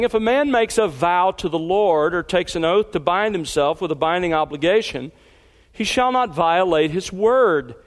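A man's voice: high-pitched, big-room sound. A man preaching an expository sermon, reading scripture aloud and pressing key points with emphatic rises. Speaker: pastor.

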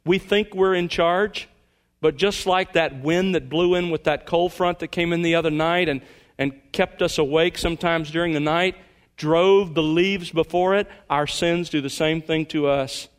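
A man with a notably high voice preaches a sermon to a church congregation. He speaks earnestly, drawing out key words slowly and sinking into quiet, low passages for emphasis. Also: steady tone, clear, resonant tone. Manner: earnest preaching, slows to stress words, drops to a hush at points. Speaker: pastor.

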